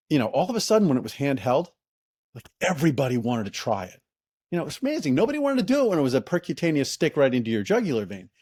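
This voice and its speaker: A middle-aged man, a company founder and podcast guest, telling stories in an enthusiastic, excitable way with many restarts and fillers. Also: medium pitch, no room sound, studio quality. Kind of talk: casual interview storytelling.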